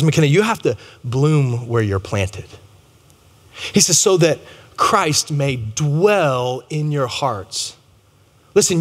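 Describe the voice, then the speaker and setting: A man, preaching a sermon in a conversational, humorous way and talking straight to the crowd. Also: a little high. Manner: conversational and humorous, addresses audience directly. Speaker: pastor. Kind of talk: storytelling sermon. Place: large chapel. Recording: long hall reverb.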